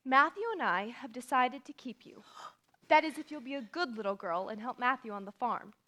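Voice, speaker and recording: Brisk, bossy older farm woman, bright and forceful, pitched a bit high, played by a woman on stage. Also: lightly acted. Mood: scolding. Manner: brisk, commanding. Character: stern, no-nonsense older spinster farm woman. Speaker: stage actor in a youth musical. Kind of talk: live stage musical acting.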